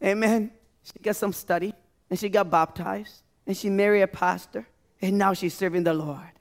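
A man's voice: sits high, steady tone, normal speed, creaky. A man pastor preaching a sermon and leading an altar call to a church, pleading and repeating his phrases with rising and falling intensity. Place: church sanctuary.

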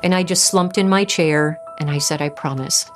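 A woman giving a personal faith testimony, earnest and halting, often restarting her sentences. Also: on the low side, steady tone, soft background music. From Southern California. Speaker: testimony speaker.

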